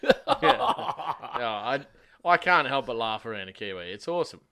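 A man with a bright, forceful tone and mid-range pitch, easygoing in casual banter. He laughs and swears freely. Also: huge pitch swings, moderate pace, vocal fry. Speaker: podcast co-host.

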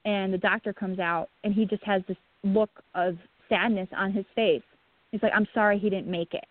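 A woman, a guest on the show, telling a painful personal account in a halting way, with many restarts and a breaking voice. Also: medium pitch, steady tone, dry recording. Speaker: guest, bereaved mother. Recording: tinny phone line.

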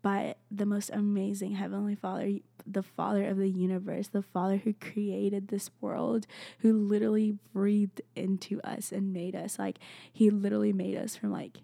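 Creaky, mellow-voiced young woman podcaster. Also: medium pitch, flat delivery, normal speed, no echo. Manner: gentle, rambling, heavy use of "like". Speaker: podcast host. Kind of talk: casual Christian encouragement podcast.

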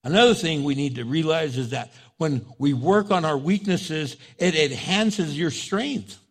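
A man preaching a sermon with passion, rising loud as he urges his listeners and acting out the things people say to themselves. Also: lively intonation, unhurried. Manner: impassioned, voice drops low and soft in prayer, rises loud when exhorting; acts out inner voices and quoted prayers. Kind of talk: sermon with spoken prayer.

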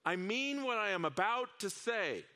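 A man voicing a desperate male traveler on a bridge, shouting in frustration while telling a fable in a sermon. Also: high-pitched, big pitch swings, unhurried, exaggerated voice. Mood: firm. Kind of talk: storytelling in a sermon.

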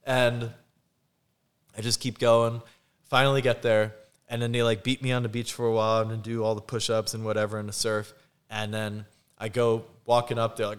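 A man with a lowish voice speaks fairly quickly as a podcast guest, telling a story from his life in casual chat. He's lively, performs the things people said, and laughs frequently.

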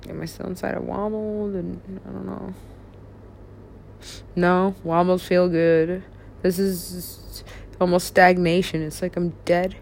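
A woman in a drifting, confessional monologue, halting and restarting, who drops into soft whispers and then rises into louder bursts. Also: flat delivery, vocal fry. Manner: drifting, halting, swings between low mumbles and sudden louder bursts.

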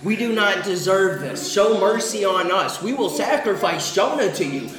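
A man acting out panicked sailors, frantically pleading and near shouting. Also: high-pitched, expressive, moderate pace, roomy sound, over music, voice pushed up, rough recording. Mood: frantic pleading.

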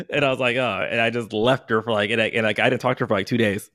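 Dude in his thirties rambling thru a story on a podcast, tons of ums and restarts, normal pitch. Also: steady tone, fairly bright tone, dry recording. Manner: rambling, halting, full of fillers and restarts; acts out his own past words with heat. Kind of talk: casual storytelling chat.

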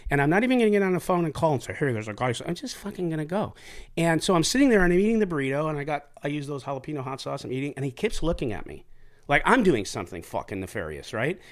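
A middle-aged man swaps stories with a co-host in loose, profane chat. He recalls his time as a police officer in a blunt, animated way, full of asides and strong language. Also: a little high, rapid-fire. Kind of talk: casual storytelling chat.

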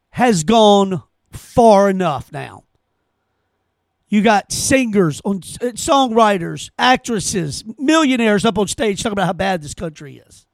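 A man's voice: sits high, gravelly, no room sound. Sarcastic, indignant male podcast host. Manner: indignant, sarcastic, repeats phrases for emphasis. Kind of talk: opinionated solo commentary.

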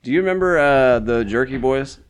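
A man joins a casual podcast chat. He talks fast and ribs the others, doubting what they say. His voice sits at a middle pitch. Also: expressive, smooth.

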